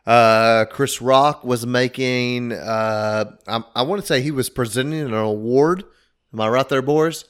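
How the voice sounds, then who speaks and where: A man's voice: medium pitch, a little slow, smooth. A young man hosting a casual podcast, talking loosely and swearing freely. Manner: swearing, loud mock-announcer intro. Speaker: podcast host.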